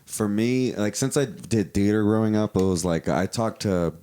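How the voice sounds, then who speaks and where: A man hosting a podcast, chatting casually and telling stories in a rambling, animated way. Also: fairly low pitch, normal speed, smooth. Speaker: podcast host.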